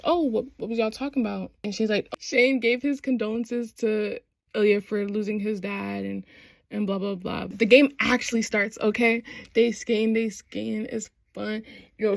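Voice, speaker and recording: A young woman casually recapping a TV show, animated and slangy, acting out the characters' lines as she goes. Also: a little high, creaky, no echo. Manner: animated, slangy retelling with quoted voices. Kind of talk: casual chat.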